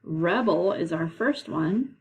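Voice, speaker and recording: A woman teacher leading a classroom lesson, explaining patiently and slowly, with frequent "okay"s. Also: on the low side, lively intonation, slightly rough, poor audio. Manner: slow, patient, drawn-out explanations.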